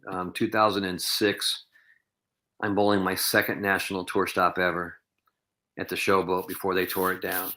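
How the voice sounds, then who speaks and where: Low, flat-voiced man telling stories. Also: moderate pace, a little hiss or hum. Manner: rambling anecdotal, heavy with "you know" and "um". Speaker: podcast guest, professional bowler. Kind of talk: podcast interview storytelling.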